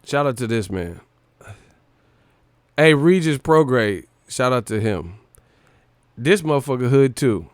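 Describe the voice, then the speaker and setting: A man's voice: medium pitch, measured pace, pauses often, dry recording. A man hosting a boxing show, talking in loose slangy commentary, swearing and laughing a lot. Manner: animated, profane, slangy, laughs often. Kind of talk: casual sports commentary.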